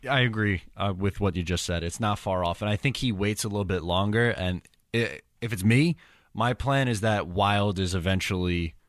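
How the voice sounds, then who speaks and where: A man's voice: on the low side, normal speed, no room sound. A man hosting a podcast in a casual, easygoing way, agreeing with his co-host and steering the show on to the next topic. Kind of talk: casual sports talk.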